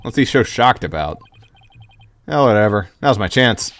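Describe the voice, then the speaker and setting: A man's voice: lowish voice, expressive, moderate pace, fairly bright tone, no room sound, voice pushed down. A man voicing a confident young male lawyer with a wry, matter-of-fact delivery, in a game playthrough.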